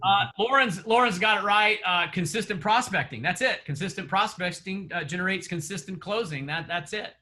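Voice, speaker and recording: Upbeat guy coaching a session, high bright voice, keeps laughing and quizzing folks. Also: moderate pace, few pauses. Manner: chatty, laughs often, quizzes the audience. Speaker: real estate coach.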